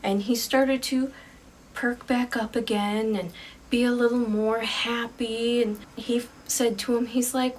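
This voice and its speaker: A woman with a fairly high voice tells an improvised ghost story. Her delivery is casual and chatty, and she slips into hushed asides now and then. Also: steady tone, unhurried, slight background noise.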